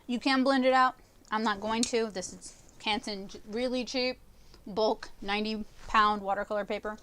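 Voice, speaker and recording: A woman teaching watercolor painting on a livestream, talking casually and in halting phrases while she paints. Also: mid-range voice, fairly even intonation, a bit bright, clean tone. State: talking with a candy in her mouth. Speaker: art instructor.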